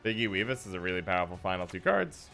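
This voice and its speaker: A man talks through a card game as he streams it, chatty and playful with his viewers. His voice is bright and lively, swinging up and down a lot. Soft music plays underneath. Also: sits low, quick pace, creaky. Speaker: gaming streamer. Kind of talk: live card game commentary.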